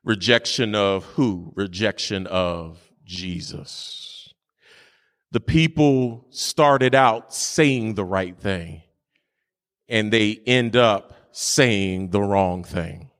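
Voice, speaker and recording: A pastor preaching a sermon with fervent delivery, moving between shouted sing-song peaks and quieter teaching. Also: male voice, on the low side, takes it slowly. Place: church sanctuary. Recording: long hall reverb.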